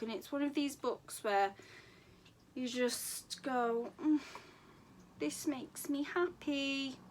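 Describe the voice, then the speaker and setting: Gushing slow-talking woman book vlogger. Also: on the high side, slight background noise. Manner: gushing, repeats words for emphasis. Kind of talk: casual book recommendation vlog.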